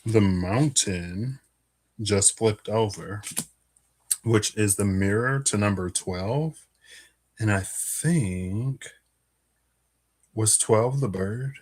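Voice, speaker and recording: A man's voice: lowish voice, extremely slow, pauses often, darkish tone, breathy edge. A man giving a casual live card reading, musing aloud with many fillers and little laughs, a bit out of breath. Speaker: tarot and Lenormand card reader.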